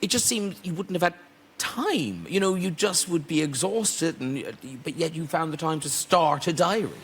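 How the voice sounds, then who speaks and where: Husky Irish man hosting a talk show. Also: on the high side, animated, moderate pace. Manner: bantering, rambling questions.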